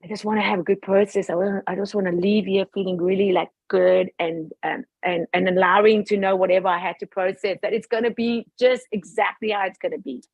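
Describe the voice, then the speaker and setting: A woman on a group video call, telling a personal story in a casual, animated way, laughing often and acting out her own past thoughts. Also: mid-range voice, a little fast, few pauses, no echo. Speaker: participant sharing a testimony on a group call.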